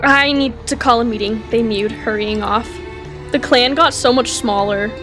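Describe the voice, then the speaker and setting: A woman reading a story roleplay aloud as narrator and player, animated and jumping higher on shouted lines. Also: moderate pace, music in the background. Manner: animated, rises high for shouted character lines.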